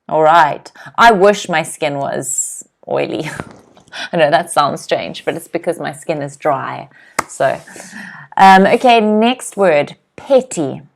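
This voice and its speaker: English teacher drilling pronunciation, lowish voice. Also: female voice, animated, slight background noise. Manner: clear, slow word-by-word pronunciation drills with frequent "okay?" checks; reads viewers' comments aloud and laughs lightly. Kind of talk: live online vocabulary lesson.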